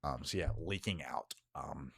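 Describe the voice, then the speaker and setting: A man's voice: very deep voice, measured pace, creaky, a bit bright, breathy edge, no room sound, studio quality. A man narrating as game master of a tabletop game, casual and full of filler ums.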